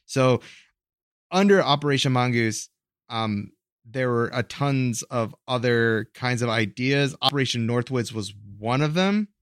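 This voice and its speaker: Male co-host, mid-pitched, hesitant explainer, dry close sound. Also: a little slow, no room sound. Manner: rambling, hesitant, self-correcting explainer. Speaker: podcast co-host. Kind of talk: casual explanatory chat.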